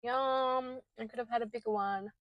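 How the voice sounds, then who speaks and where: A woman's voice: fairly high pitch, fairly even intonation, normal speed, dry recording, rough recording. Young woman, Australian accent, rambling, lots of fillers, casual vlog, dry close mic. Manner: rambling, chatty, many fillers. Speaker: vlogger. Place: parked car. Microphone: small handheld mic.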